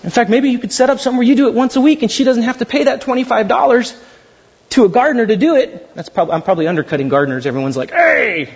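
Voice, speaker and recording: A man preaching a sermon as pastor, animated and jokey, acting out little asides to the congregation. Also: very high voice, rapid-fire, slightly rough, lo-fi sound.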